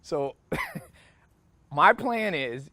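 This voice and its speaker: A man's voice: fairly high pitch, wildly swooping pitch, very slow, pushed and bright, breathy edge, dry recording. A man talking in a blunt, profane, casual rant that jumps between topics, like a motivational speaker venting to listeners. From United States. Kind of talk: casual ranting monologue.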